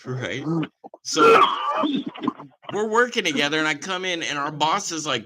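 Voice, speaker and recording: Man, podcast host, animated swing in pitch, bright edge, rambling, swears casually. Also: moderate pace, pauses often, a little hiss or hum. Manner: animated, rambling storyteller with profanity and hype ad reads.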